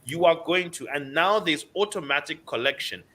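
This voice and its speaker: A man's voice: on the high side, lively intonation, normal speed, sharp tone. Emphatic man giving money advice. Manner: emphatic, lecturing, repeats key words for stress. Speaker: financial commentator. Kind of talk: radio financial advice talk.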